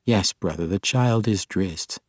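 Man reading a steady, guarded young heroine, measured and firm, low voice, audiobook. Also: dry recording, clean studio sound. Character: pregnant young woman, strong and guarded.

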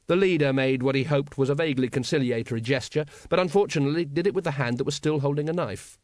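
A man narrating a story aloud in a measured, expressive storytelling manner. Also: a little high, dry recording, clean studio sound. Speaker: audiobook narrator. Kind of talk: scripted narration.

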